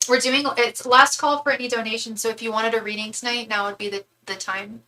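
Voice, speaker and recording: Chatty young woman, bright voice. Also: a little high, steady tone, brisk, slight background noise, poor audio. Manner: chatty, rambling, lots of "like". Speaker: tarot reader and live-stream host. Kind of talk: casual live-stream chat. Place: home.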